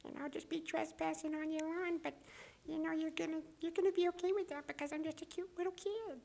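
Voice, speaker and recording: A man's voice: very high voice, level tone, fast talker, gravelly, darkish tone, voice pushed up. A man voicing a cute but annoying little kid who chatters cheekily. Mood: cheeky.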